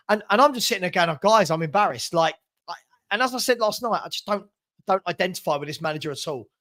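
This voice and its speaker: A man's voice: high-pitched, a bit bright. A man hosting a football watchalong, talking in a frustrated, rambling way and tripping over repeated words. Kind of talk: casual football chat.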